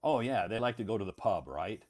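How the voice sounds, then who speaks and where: Deep-voiced American man chatting casually. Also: lively intonation, a little fast, darkish tone. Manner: chatty, laughs often, repeats words for a learner. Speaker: English teacher host. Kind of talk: casual conversational interview. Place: lives in Beijing.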